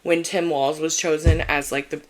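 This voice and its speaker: A woman's voice: low-pitched, level tone, moderate pace. A young woman co-hosting a podcast, talking in a casual, rambling way with lots of fillers and restarts. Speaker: podcast co-host. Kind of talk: casual chat.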